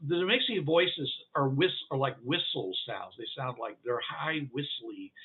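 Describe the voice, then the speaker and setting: A man's voice: mid-range voice, animated, normal speed. A man narrating as game master of a tabletop game, rambling with many fillers. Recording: tinny phone-like call audio.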